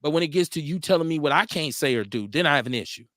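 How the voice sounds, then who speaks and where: Man, live-stream host, slightly high voice, dry close sound, frank, laughs a lot, repeats words. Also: animated, rapid-fire, fairly bright tone, no room sound. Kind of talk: casual live-stream talk, reading viewer comments aloud.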